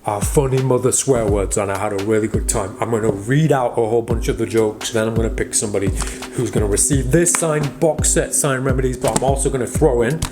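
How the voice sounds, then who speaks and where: A man's voice: mid-range voice, brisk. A man hosting a magic vlog, casually reading out viewers' joke comments and teasing an off-camera helper. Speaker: magician host. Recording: background music.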